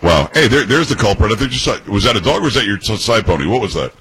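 Husky, bright-voiced radio host teasing. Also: male voice, lowish voice, sing-song, rough recording. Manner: teasing, laughs a lot, quick jokes. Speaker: radio talk show host. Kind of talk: casual banter on air.

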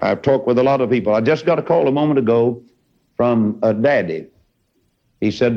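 A man's voice: medium pitch, animated, normal speed. A man preaching a sermon in a fervent, folksy way, with sudden rises in his voice. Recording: dull lo-fi recording.

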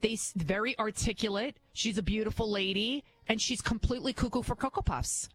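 A woman's voice: medium pitch, fairly quick, low-quality recording. Blunt, emphatic woman talk radio host. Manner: blunt and emphatic, acts out voices in anecdotes. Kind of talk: opinionated talk radio monologue.

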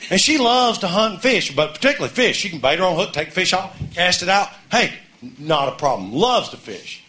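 A middle-aged man from Mississippi, telling a folksy comic story on stage and shouting his punchlines. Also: high voice, sing-song, fairly quick. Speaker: comedian. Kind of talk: storytelling stand-up.

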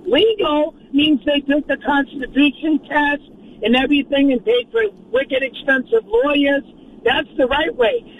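A man's voice: very high-pitched, lively intonation, measured pace, recorded from a distance. A male caller, ranting scornfully and insulting people on a talk radio call. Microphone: phone. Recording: tinny phone line with road noise.

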